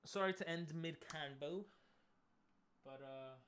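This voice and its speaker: A man's voice: a little high, takes it slowly, a bit bright, a little hiss or hum. A man streaming, chatting casually and easygoingly with his viewers, laughing often.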